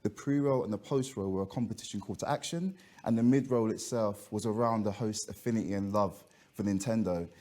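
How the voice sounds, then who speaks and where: A man, head of advertising sales, explaining ad options on a business panel in a steady way. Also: on the low side, a little fast.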